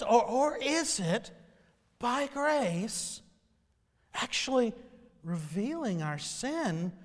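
A man delivers an earnest sermon in an unusually high, widely swinging voice, stacking rhetorical question on question. He speaks slowly and deliberately, and his words ring out with the long reverb of a church sanctuary. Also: fairly bright tone. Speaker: pastor.

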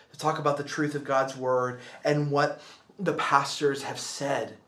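A man pastor preaching a sermon in an earnest, repetitive cadence, dropping to a hushed voice for prayers. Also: a little high, roomy sound.

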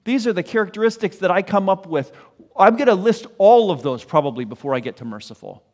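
A man's voice: high-pitched, animated, brisk, a little mellow. A man preaching a sermon in an earnest way, often putting questions to his listeners. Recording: echoey hall.

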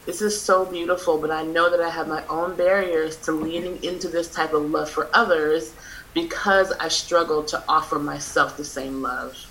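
Gravelly-voiced woman moderating a video call. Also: deep voice, steady tone, a bit bright, a little hiss or hum, poor audio. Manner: emotional, halting, many restarts. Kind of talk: hosting a Q&A.

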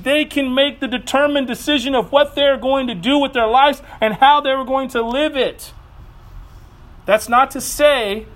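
Guy preaching, pretty high voice, gets all worked up telling stories about his kids. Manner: earnest, animated storytelling with quick asides. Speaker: pastor. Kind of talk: sermon.

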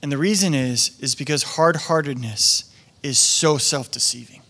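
A man preaching a conversational sermon as pastor, slipping into quick acted-out voices of the people he describes. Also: on the high side, pushed and bright. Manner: conversational, acts out quoted voices.

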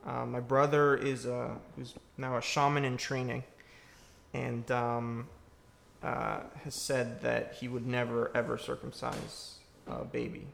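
Gravelly man fielding audience questions. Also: medium pitch, level tone, measured pace, fairly bright tone, slight background noise. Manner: reflective, searching for words. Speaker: filmmaker answering audience questions. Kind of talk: casual Q&A after a screening. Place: church used for a screening.

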